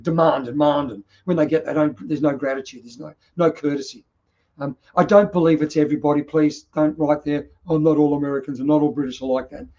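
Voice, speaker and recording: A man's voice: fairly high pitch, warm tone. Blunt Australian man, dull recording. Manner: blunt, passionate, swears freely. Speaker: podcast host. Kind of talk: casual monologue.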